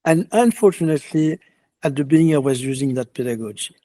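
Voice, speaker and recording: Soft-spoken halting yogi with a mellow voice. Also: male voice, a little high, lively intonation, no room sound. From France. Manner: halting, many restarts and fillers, earnest. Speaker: yoga teacher. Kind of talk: reflective interview answers.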